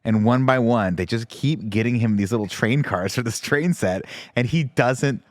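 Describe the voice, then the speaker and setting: A man co-hosting a podcast, telling lively stories and breaking into laughter. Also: mid-range voice, moderate pace, dry recording. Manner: animated storyteller who breaks into laughter. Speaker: podcast co-host. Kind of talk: casual chat.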